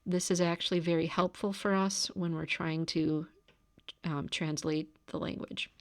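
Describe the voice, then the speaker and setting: A woman giving a recorded grammar lecture, calmly explaining step by step. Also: fairly low pitch, measured pace, dry recording, clean studio sound. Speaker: teacher. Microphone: camera.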